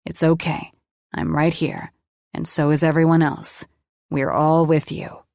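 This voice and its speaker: A woman narrator voicing a young man gently calming his partner in a soft, steady voice. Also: sits low, a little slow, vocal fry, no echo, clean studio sound. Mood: soothing.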